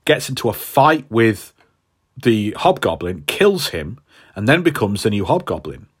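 A man's voice: on the low side, sing-song, measured pace, breathy edge. A man co-hosting a casual chat, recapping a story in a rambling way with lots of fillers. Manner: rambling, hesitant with many fillers. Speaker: podcast co-host.

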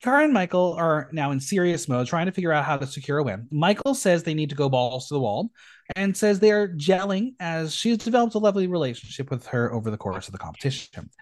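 A man's voice: a little high, fast talker. A man hosting a podcast, recapping a reality show in a gossipy, campy way. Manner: animated, gossipy, campy asides. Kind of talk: casual chat.

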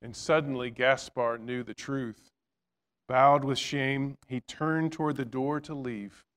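A man narrating a storybook tale in a measured reading voice with small slips and restarts. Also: mid-range voice, fairly even intonation, fairly bright tone, smooth.

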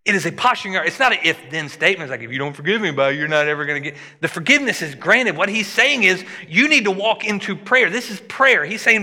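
A man preaching with a high, very bright and forceful voice. He rises and drops for emphasis as he delivers the sermon, and a long reverb trails after him in the sanctuary. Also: quick pace, hardly any pauses. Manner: animated preaching, voice rising and dropping for emphasis. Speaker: pastor.

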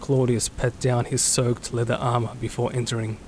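A man giving scripted, steady and dramatic narration of a story. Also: mid-range voice, moderate pace, background noise.

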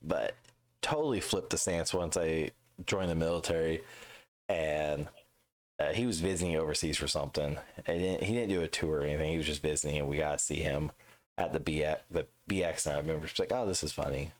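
A man's voice: extremely low pitch, steady tone, a little fast. A man in his thirties co-hosting a podcast, chatting casually, swearing freely and acting out what other people said. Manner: profane, ranting, acts out quoted voices. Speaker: podcast co-host. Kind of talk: casual chat.

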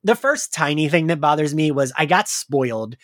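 A man in his thirties hosting a podcast, telling stories in an animated, chatty way, still a little congested from crying. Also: on the high side, moderate pace, no echo, studio quality. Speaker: podcast host. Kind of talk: casual chat.

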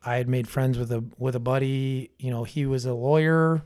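A man in his thirties, talking in a loose, relaxed way with plenty of swearing and fillers. His voice sits at an ordinary middle pitch. He tells stories in a casual podcast chat. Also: moderate pace. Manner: laid-back, heavy swearing, lots of fillers. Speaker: brewery owner guest.

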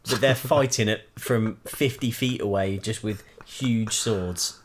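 A man co-hosting a casual podcast chat, laid-back and halting. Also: on the low side, a loud crowd. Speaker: podcast co-host.

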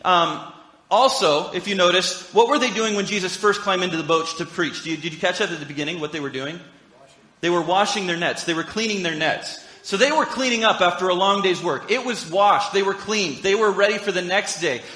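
A man's voice: sits high, brisk, pushed and bright. A man preaching a sermon in a conversational, storytelling way with humorous asides. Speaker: pastor. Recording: echoey hall reverb.

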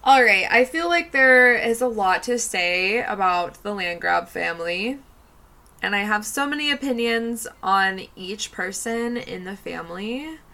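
A woman's voice: mid-range voice, expressive, measured pace, sharp tone. A young woman co-hosting a podcast in a casual, giggly, laid-back chat, swearing now and then. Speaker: podcast co-host.

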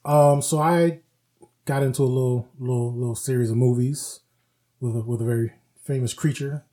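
A man co-hosting a casual podcast, telling stories with lively acted-out quotes. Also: mid-range voice, moderate pace. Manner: animated storyteller, acts out quotes. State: recovering from flu. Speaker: podcast co-host. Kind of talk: casual chat.

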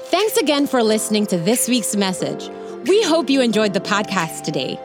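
A woman's voice: on the high side, very animated, normal speed, music in the background. A woman reading a friendly scripted outro for a podcast.

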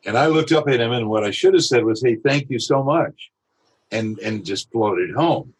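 A male voiceover artist telling a lively anecdote in an interview, with a husky voice. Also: medium pitch, moderate pace, low-quality recording. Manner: animated anecdotal storytelling. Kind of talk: storytelling in an interview.

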